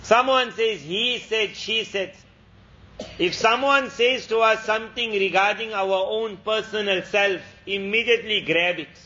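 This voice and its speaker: A male Islamic lecturer with a high voice tells a moral tale and draws lessons from it. He speaks earnestly and repeats key phrases for emphasis. The sound is muffled and lo-fi, like an old lecture tape. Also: moderate pace, few pauses, sharp tone. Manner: earnest, repetitive, preachy. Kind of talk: storytelling sermon. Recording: dull lo-fi lecture recording.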